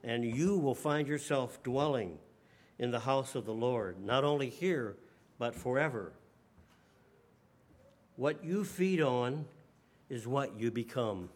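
A man preaching a sermon at a middle pitch, reading old-fashioned scripture aloud before turning to exhortation. He lets key phrases fall quiet and slow, then climbs louder and higher when he urges his listeners on. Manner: reads King James scripture, then preaches emphatically. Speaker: pastor.

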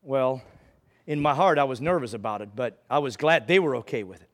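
A man's voice: medium pitch, expressive, a little fast. A man preaching in an earnest testimony style, repeating his phrases and rising to fervent prayer. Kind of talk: testimony sermon.

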